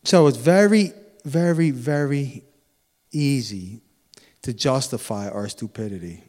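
A man preaching a sermon in a lively, animated way, swinging between loud emphatic bursts and quiet asides. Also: mid-range voice, slow pace, pauses often. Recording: long hall reverb.

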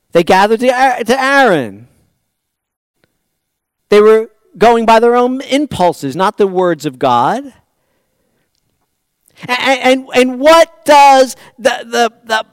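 A male pastor preaching a sermon, asking the congregation rhetorical questions and swinging from quiet asides to loud, emphatic passages. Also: very high-pitched, clean tone, dry recording.

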